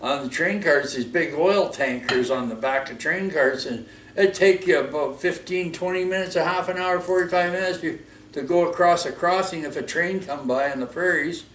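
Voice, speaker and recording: A man's voice: fairly high pitch, moderate pace, fairly bright tone, slight background noise. A man with a Canadian accent ranting in a casual, rambling way, full of fillers, restarts and "eh". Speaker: vlogger. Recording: echoey room, mic far off.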